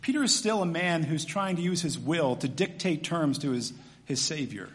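High-voiced preacher in an echoey hall. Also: male voice, moderate pace. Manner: animated, swings from loud emphatic to quiet and soft. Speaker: pastor. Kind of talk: sermon. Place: church hall with long reverb.

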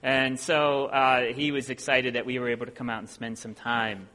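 A man from Ohio preaching as a visiting preacher, talking in a relaxed, self-deprecating way with plenty of ums. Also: mid-range voice, moderate pace. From Ohio, USA. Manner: conversational and self-deprecating, with many filler sounds. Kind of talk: sermon. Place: church sanctuary. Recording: long hall reverb in a church.

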